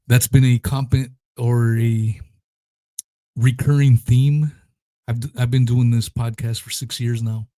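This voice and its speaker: A man's voice: mid-range voice, dark tone, no echo. Guy ranting on his podcast, swears nonstop, blunt and fired up, dry sound. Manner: profane, blunt, heated. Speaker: podcast host. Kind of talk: casual ranting monologue.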